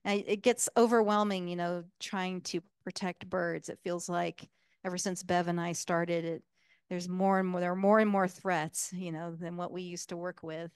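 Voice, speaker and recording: A woman gives a casual, enthusiastic talk as a guest speaker, with plenty of fillers. Her voice is smooth and clear and sits a little low. The sound is close and dry. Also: fairly even intonation, normal speed, no echo. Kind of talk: public talk.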